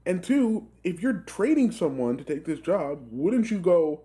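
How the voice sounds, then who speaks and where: A young man in his twenties telling a rambling, profane work story in a casual, animated way, full of filler words. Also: high voice, normal speed, hardly any pauses. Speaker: gaming channel host telling a story.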